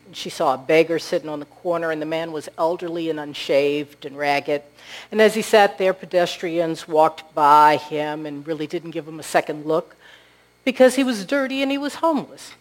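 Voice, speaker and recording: A woman's voice: low voice, normal speed, poor audio. A woman preaching a sermon with earnest storytelling and rhetorical questions.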